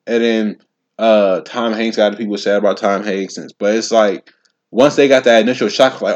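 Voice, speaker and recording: A man in his twenties hosting a casual solo podcast. He talks in an animated, slangy way, repeats himself and speaks straight to his listeners. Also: on the low side, moderate pace, dull audio. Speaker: podcast host.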